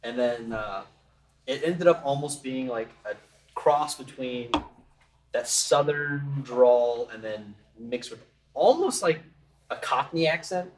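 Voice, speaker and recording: A man who plays tabletop games, explaining things in a relaxed, rambling casual chat. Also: mid-range voice, takes it slowly. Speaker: tabletop game player. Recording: roomy and distant from mic.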